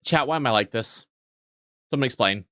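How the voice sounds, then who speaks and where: A man's voice: mid-range voice, animated, normal speed, a bit bright, dry recording, clean studio sound. A man streaming a video game, rambling in casual commentary, swearing freely and poking fun at himself.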